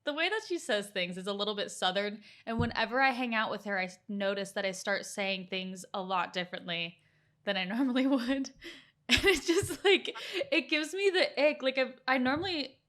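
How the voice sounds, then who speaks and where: Bright-voiced young woman chatting. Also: mid-range voice, brisk. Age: young adult. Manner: chatty, lots of "like" fillers, laughs as she talks. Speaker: podcast co-host, daughter. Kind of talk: casual chat.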